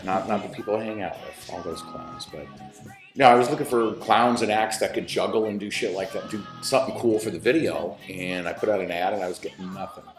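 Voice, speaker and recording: A man's voice: lowish voice, brisk, music in the background. A man, a filmmaker and musician, chatting as an interview guest in a rambling, restarting way. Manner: rambling, with many restarts and laughs. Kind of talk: casual interview talk. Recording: roomy echo.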